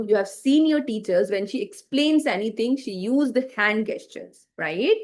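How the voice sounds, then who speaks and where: A woman teacher giving an online class lecture, explaining with frequent fillers and check-in questions and acting out bad examples to demonstrate. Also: a little high.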